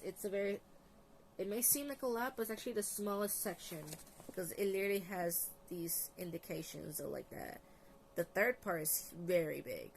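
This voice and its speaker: A woman's voice: lowish voice, gravelly, slight background noise. Tired, chatty woman reading out lists. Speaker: vlogger. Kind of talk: casual book review. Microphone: phone.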